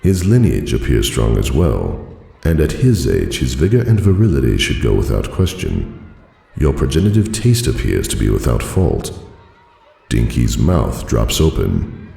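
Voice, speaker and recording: A man narrating a fan audiobook in a dry, formal storytelling manner with a gravelly voice. His voice carries a roomy reverb. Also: a bass voice, big pitch swings, unhurried, dark tone.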